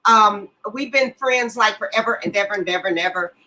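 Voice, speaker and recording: A woman's voice: mid-range voice, fairly quick, pushed and bright, low-quality recording. A woman in her seventies co-hosting a casual chat show, bubbly and affectionate, calling friends baby and boo-boo. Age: 70s. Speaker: co-host.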